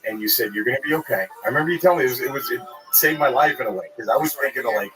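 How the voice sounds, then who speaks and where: A man's voice: medium pitch, rapid-fire, over music, poor audio. A man from Texas, a stand-up comedian, telling stories in a rambling, profane casual chat.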